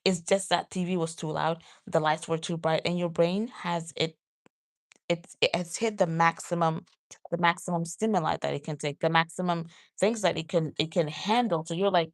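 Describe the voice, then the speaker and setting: Gravelly-voiced woman vlogger, animated. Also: moderate pace. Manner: animated, voice jumps high when acting out her own outbursts; says "y'all" and "you guys". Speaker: vlogger host. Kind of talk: casual talk to camera.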